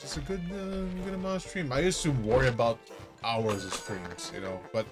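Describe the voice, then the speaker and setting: A man's voice: medium pitch, moderate pace, music in the background. A man streaming a game live, chatting to his viewers in a rambling, self-mocking way and laughing often. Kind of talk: casual live-stream commentary.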